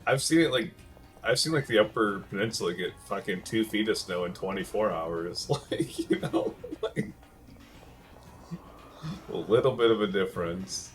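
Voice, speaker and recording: A man's voice: fairly low pitch, a little fast, faint music behind. A young man from Michigan streaming a game, chatting casually and rambling, with "like" in nearly every phrase. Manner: rambling, heavy use of "like". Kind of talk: casual chat while gaming.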